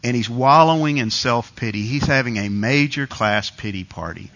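Man, sermon, conversational storytelling, bright voice, muffled lo-fi recording. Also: medium pitch, moderate pace. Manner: conversational storytelling with quoted asides. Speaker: preacher.

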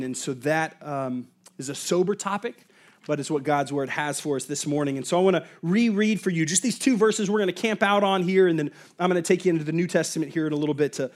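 A man in his thirties delivers a sermon as a pastor. He speaks in a somewhat high voice. He tells a story from his own life in a lively way, full of fillers and asides. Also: brisk.

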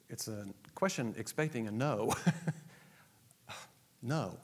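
A male pastor preaching a sermon, animated, acting out dialogue and laughing often. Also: medium pitch, slow, long pauses. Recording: long reverb in a large hall.

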